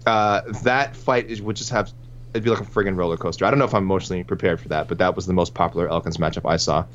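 Speaking very fast in a deep voice, a man co-hosts a laid-back sports podcast, working through listener picks in a meandering way and often correcting himself. The sound is muffled and lo-fi, with a faint hum underneath.

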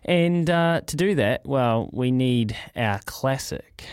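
A man's voice: medium pitch, expressive, slow pace, loud music behind the voice. A man hosting a breakfast sports radio show, bantering and teasing his co-hosts.

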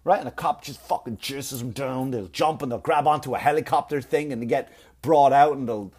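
A man delivering a profane comedic rant, animated and repetitive, often stumbling over his words. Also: medium pitch, fairly quick, breathy edge. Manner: animated, profane, repeats himself. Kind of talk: ranting comedic monologue.

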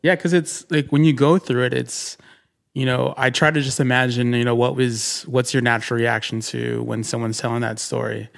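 A man's voice: mid-range voice, fairly even intonation, normal speed, vocal fry. A man co-hosting a podcast, talking casually and rambling with lots of fillers while acting out his own thoughts. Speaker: podcast co-host and writer.

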